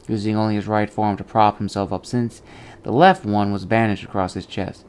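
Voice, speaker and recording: A man hosting a book channel, reading a fantasy novel aloud in a steady, measured way with small slips and restarts. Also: lowish voice, smooth.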